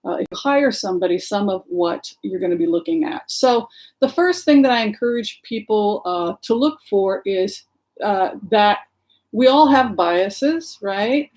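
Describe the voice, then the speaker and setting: A woman chatting on a relaxed livestream at a middling pitch. She greets her viewers one by one and rambles a little, with plenty of "uh" and "um". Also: measured pace. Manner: chatty, greets viewers by name, many fillers. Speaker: livestream host and tarot reader. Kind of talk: casual livestream chat.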